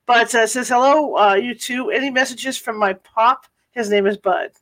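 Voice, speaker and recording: A woman co-host reading viewer questions aloud in a brisk, quick manner. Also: on the high side. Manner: brisk, reads comments aloud.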